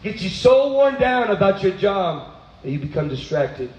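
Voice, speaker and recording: Male preacher, high voice, echoey room, animated sermon, swings from low asides to high exclaiming. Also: moderate pace.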